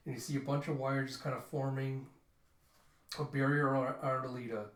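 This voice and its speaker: A man hosting a casual comic readthrough, animatedly reading out character lines with shouts and sound effects. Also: mid-range voice, flat delivery, fairly quick, roomy sound.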